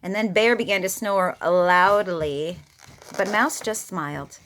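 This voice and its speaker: A woman reading a picture book aloud, expressive and playful with her own asides. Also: medium pitch, slow pace, slight background noise. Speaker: storyteller.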